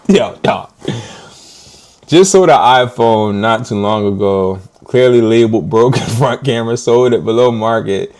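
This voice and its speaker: A man ranting casually to his live stream viewers in an animated, slangy way, often laughing. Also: medium pitch, a little slow.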